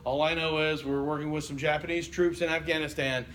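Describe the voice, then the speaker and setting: In a college lecture heard from far off in an echoey room, a man makes wry, joking asides to the class. He speaks fast in a slightly high, a bit bright voice with fairly even intonation, over a little hiss or hum.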